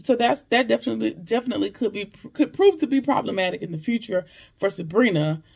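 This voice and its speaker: A TV episode reviewer casually recapping a drama, animated and slangy, acting out characters' lines in asides. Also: mid-range voice, fast talker, vocal fry, slightly rough.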